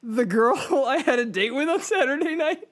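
A woman hosting a podcast, telling a story in casual chat with animated, profane energy. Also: sits high, moderate pace. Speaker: podcast host.

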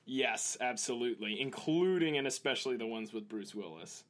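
A man co-hosting a casual podcast, ranting in an exasperated way with halting restarts. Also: medium pitch, animated. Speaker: podcast co-host. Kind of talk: casual chat.

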